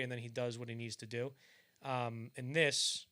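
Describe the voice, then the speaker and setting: A young man talking films on a podcast in a loose, rambling way. His voice is bright and somewhat tense, and he keeps trailing off, restarting and slipping into silly impressions of the scenes he describes. The pitch sits in a middle range for a man. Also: level tone, brisk. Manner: rambling, filler-heavy, acts out bits of scenes in mock voices. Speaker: podcast co-host. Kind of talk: casual film discussion.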